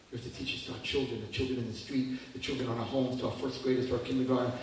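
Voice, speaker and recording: Animated man preaching in an echoey hall. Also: medium pitch, very fast, far from the mic, a little hiss or hum. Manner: animated, swinging from hushed to near-shouting. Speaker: religious teacher. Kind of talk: lively religious talk to an audience.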